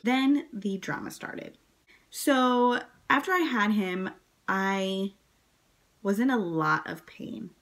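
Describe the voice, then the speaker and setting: A woman vlogger telling her birth story to camera in a casual, chatty way, full of "like" and "um", jumping up high when she quotes herself and others. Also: slow pace, fairly bright tone. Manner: chatty, many fillers, acts out quotes in a high voice.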